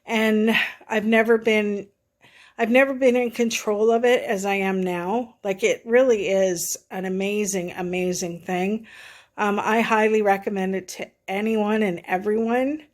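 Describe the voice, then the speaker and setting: A woman's voice: mid-range voice, steady tone, measured pace. A middle-aged woman talking in a casual, rambling vlog review, short of breath and full of fillers and restarts. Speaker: vlogger reviewing a product.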